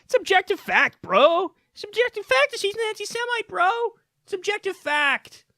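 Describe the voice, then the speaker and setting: A man putting on a smug, mocking caricature of a male pundit, with sneering, drawn-out taunts ending in "bro". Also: extremely high pitch, very animated, pushed and bright, no echo, studio quality, voice pushed up, heavily acted. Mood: sneering mockery.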